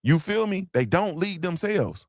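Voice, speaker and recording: A man's voice: sits high, sing-song, measured pace, no room sound, studio quality. A man hosting a motivational podcast livestream, preaching and repeating his points, swearing casually and asking "you feel me". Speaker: podcast host.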